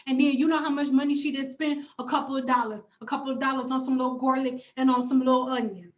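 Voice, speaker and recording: A woman's voice: high voice, steady tone, fast talker, few pauses, muffled recording. A woman, hosting a casual hair-care livestream from home and reading viewer comments, sassy, emphatic and profane. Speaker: hair stylist and cosmetologist vlogger.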